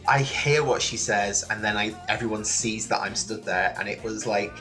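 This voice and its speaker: A man from near Liverpool in England, a guest telling his story in a relaxed interview, lively and full of restarts. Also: fairly low pitch, normal speed, soft background music. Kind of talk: casual interview chat. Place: remote call from another country than the host.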